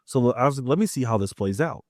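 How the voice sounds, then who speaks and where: A man's voice: medium pitch, animated, quick pace, a little mellow, no room sound, clean studio sound. A man from Maryland hosting a podcast, chatting casually and telling family stories, acting out the dialogue as he goes. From Maryland, USA. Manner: chatty storyteller who acts out family dialogue. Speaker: podcast host.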